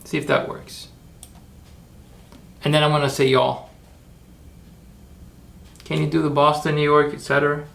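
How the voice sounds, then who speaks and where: Gravelly man thinking out loud. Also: on the high side, little pitch movement, unhurried, pauses often. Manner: thinking aloud, rambling, self-correcting. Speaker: streamer making AI videos. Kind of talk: live-stream screen-work commentary.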